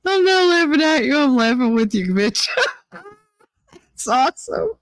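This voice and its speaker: High-voiced giggly woman telling crude stories. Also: lively intonation, measured pace, no room sound, low-quality recording. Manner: giggly, crude, storytelling, often breaks into laughter. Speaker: livestream host. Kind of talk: casual chat with live chat.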